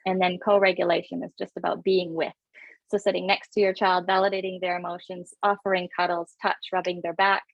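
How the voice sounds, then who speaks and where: A woman in her thirties gives a parenting webinar over a computer mic, her voice carrying a gravelly, creaky edge. She rushes along with lots of fillers in a friendly, instructive tone. The sound is dry and a little dull and lo-fi. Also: on the low side, level tone, no room sound. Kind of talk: casual webinar talk.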